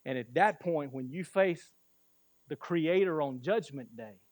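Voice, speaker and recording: A man preaching a sermon as pastor, speaking slowly and emphatically and chuckling as he tells stories. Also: fairly high pitch, darkish tone, no echo. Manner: slow, emphatic storytelling with chuckles.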